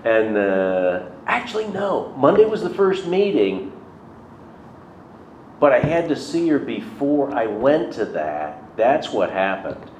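Taking his time, a middle-aged recovery speaker tells his personal story in a sing-song, mid-range voice, chatty and self-deprecating, acting out those he quotes. It was captured in a roomy, dull lo-fi recording with faint noise.

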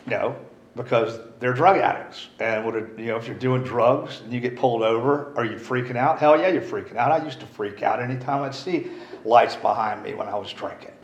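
A man's voice: medium pitch, a little fast. A middle-aged man speaking at a recovery meeting, candid and rambling, swearing casually. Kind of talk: recovery share talk. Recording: roomy, dull, faint hiss.

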